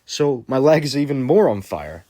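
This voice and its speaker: A man's voice: mid-range voice, sing-song, moderate pace, warm tone. A young man telling a storytime vlog in a casual, rambling way, full of fillers and swearing. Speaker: vlogger.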